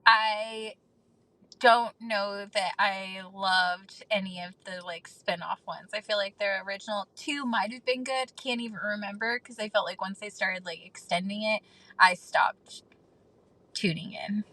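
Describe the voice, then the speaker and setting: A woman's voice: mid-range voice, a little slow, bright, forceful tone, poor audio. A woman co-hosting a podcast in casual chat, agreeing readily and giggling. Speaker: podcast co-host.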